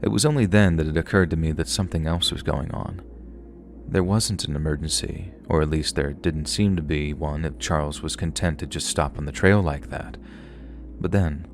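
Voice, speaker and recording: Very deep-voiced male horror narrator. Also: slight background noise. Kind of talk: scripted horror story narration.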